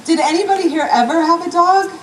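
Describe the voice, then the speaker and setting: A woman's voice: extremely high pitch, fast talker. A woman performing her spoken word poetry live at a university event, moving from chatty banter into a rhythmic, wry delivery. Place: university event hall with an audience. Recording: echoey, distant audience recording with noise.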